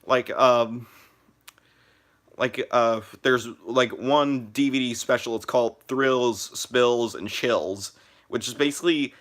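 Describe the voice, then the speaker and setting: A man's voice: mid-range voice, fairly even intonation, takes it slowly, a bit bright. A young man chatting casually on a live stream, rambling with many fillers and restarts.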